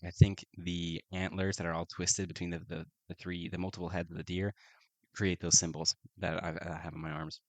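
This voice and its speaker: A man playing a solo folk-horror tabletop game, reading the prompts aloud and reacting with excited exclamations. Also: deep voice, moderate pace, no echo. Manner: excitable, keeps saying oh my goodness. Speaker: solo tabletop RPG player.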